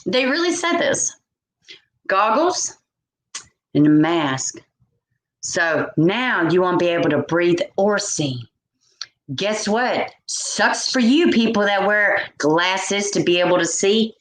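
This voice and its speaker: A woman's voice: on the low side, expressive, slow. Profane, ranting woman vlogger. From United States. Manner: exasperated, profane, repetitive ranting. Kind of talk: ranting commentary to camera. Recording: echoey room.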